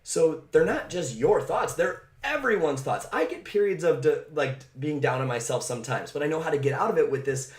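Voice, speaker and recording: A man coaching on mindset, talking straight to camera in an energetic, emphatic and direct way, often tagging his points with "right?". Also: fairly high pitch, fairly quick, hardly any pauses, echoey room. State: out of breath. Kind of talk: motivational talk to camera. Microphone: camera mic.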